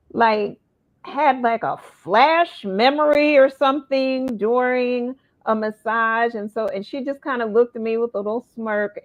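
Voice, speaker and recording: A woman hosting an interview, telling a personal story in a lively way and acting out the voices of the people in it. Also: medium pitch. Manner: animated, acts out quoted voices. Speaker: host. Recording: phone-like narrow sound.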